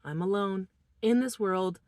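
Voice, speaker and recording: A distressed woman vlogger works through a personal monologue haltingly and emotionally, shifting between quiet murmurs and shaky laughter. Her voice is medium-pitched, and the recording is dry.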